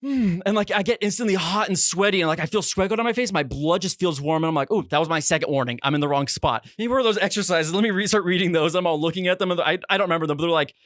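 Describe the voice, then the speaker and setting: Young man, podcast co-host, rapid talk, high voice, dry close-miked sound, animated storytelling. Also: dry recording. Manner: animated, re-enacts his own reactions with big pitch jumps. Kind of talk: casual storytelling chat.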